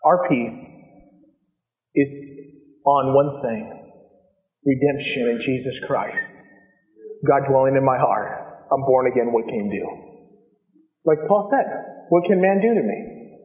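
A man preaching a sermon with fervent, animated delivery, swinging between loud stretches and hushed ones. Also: medium pitch, slow pace, pauses often. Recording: echoey hall, dull lo-fi sound.

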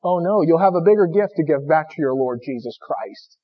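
High-voiced man preaching with passion. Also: expressive, brisk, slightly rough. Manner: impassioned preaching, swinging between loud and hushed. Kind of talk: sermon. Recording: dull lo-fi recording.

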